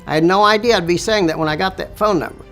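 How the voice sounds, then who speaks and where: A middle-aged man with a Southern accent, telling his story in an interview with a slow, drawn-out delivery. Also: high voice, fairly bright tone, soft background music. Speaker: business owner.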